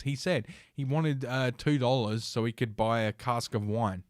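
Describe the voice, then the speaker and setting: With few pauses, a South Australian podcast host talks fairly quickly in a mid-range, fairly even voice and an Australian accent, spinning a profane, rambling livestream story full of fillers and restarts. The studio-quality audio carries no room sound.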